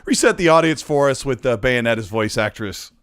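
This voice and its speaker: A man's voice: mid-range voice, expressive, brisk, fairly bright tone, clear, resonant tone, no echo, studio quality. A man hosting a podcast, upbeat, moving things along and reading out viewer comments. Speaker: podcast host.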